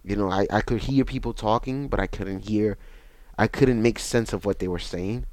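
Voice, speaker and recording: A young man, telling his own story in a halting, repetitive, reflective way. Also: fairly low pitch, a little mellow, dry recording. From Bronx, New York. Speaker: interview guest. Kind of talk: personal testimony.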